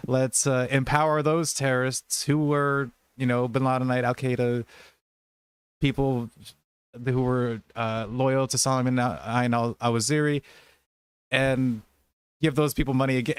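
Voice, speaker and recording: A man's voice: medium pitch, steady tone, a little slow, smooth, dry recording. A man in casual political podcast chat, ranting in a heated, profane, rambling way. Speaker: podcast host.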